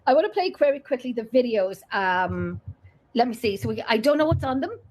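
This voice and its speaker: A woman's voice: fairly high pitch, big pitch swings, fairly quick, darkish tone, poor audio. A woman hosting a live paranormal talk show, chatty and teasing, laughing often. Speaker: host.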